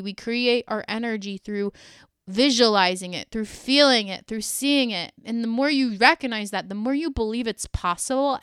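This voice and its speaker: A woman's voice: fairly high pitch, bright, forceful tone, smooth, no echo, studio quality. A woman hosting a solo podcast episode, speaking to listeners in an earnest, emotional, encouraging way. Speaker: podcast host and energy coach.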